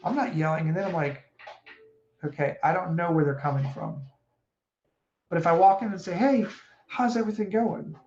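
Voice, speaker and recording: A man coaching casually on stress and breathing, animated and acting out quoted speech. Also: sits high, normal speed, pauses often. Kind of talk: casual advice talk. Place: home room with a puppy. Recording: echoey room, dull sound, faint noise.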